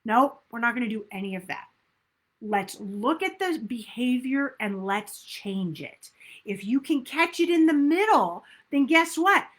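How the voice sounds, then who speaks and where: A woman's voice: a little high, expressive, measured pace. A woman weight loss coach giving an upbeat, emphatic motivational talk and acting out inner self-talk.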